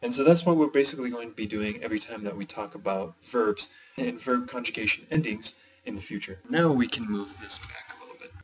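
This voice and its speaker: A man's voice: fairly low pitch, fairly quick, hardly any pauses, far from the mic, low-quality recording. A man explaining language grammar step by step in a patient, slightly playful teaching voice. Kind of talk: screen-recorded lesson.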